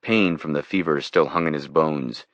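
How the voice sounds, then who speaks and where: A man narrating a thriller audiobook in a steady, measured reading. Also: a bass voice, no echo, highs cut off.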